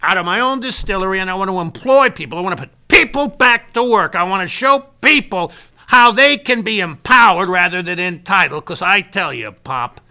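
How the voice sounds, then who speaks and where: Here the same bragging American-businessman-turned-Scottish-laird character holds forth in an improvised comic monologue full of self-important sales talk. The man's high, expressive voice moves at normal speed, pushed and bright, with a clear, resonant, exaggerated tone.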